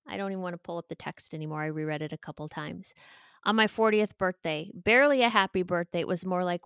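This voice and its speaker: A woman in her forties, a podcast guest, talking candidly and emotionally with pauses and restarts. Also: on the low side, fairly bright tone, clear, resonant tone, no room sound, clean studio sound. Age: 40s. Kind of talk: candid interview talk.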